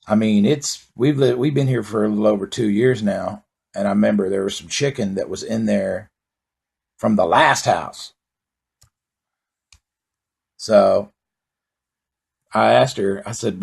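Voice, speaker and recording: A man's voice: on the low side, normal speed, vocal fry, slightly rough. A man delivering a rambling, profane comedic monologue in a laid-back storytelling way. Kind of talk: stand-up style comedic monologue.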